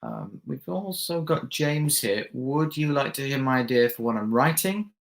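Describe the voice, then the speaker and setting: A man's voice: mid-range voice, expressive, a little slow, creaky. A young man hosting a live stream, reading viewer comments aloud and rambling casually with lots of fillers and restarts.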